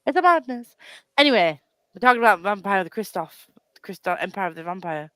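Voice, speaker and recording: Chatty rambling woman, smooth voice. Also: fairly low pitch, fast talker, a bit bright, no room sound. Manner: rambling, self-deprecating, frequent laughs and restarts. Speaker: book club co-host. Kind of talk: casual book chat.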